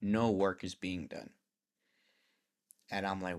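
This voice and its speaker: A man with a fairly low voice tells a long story in a loose, casual vlog style. He swears freely and acts out each side of the conversations as he goes. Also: slow. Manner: animated, profane, acts out conversations. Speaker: vlogger.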